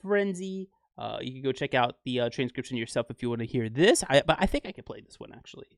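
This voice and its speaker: Give me an excitable man hosting a music breakdown, scatting beats aloud in a dry, dead room. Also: medium pitch, quick pace, gravelly, no echo. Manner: excitable, scats rhythms aloud. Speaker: music reaction host.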